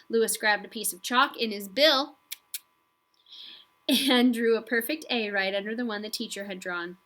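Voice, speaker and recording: A woman narrates a children's storybook in a calm, even way. Her voice is bright and sits fairly high. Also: normal speed. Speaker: audiobook reader.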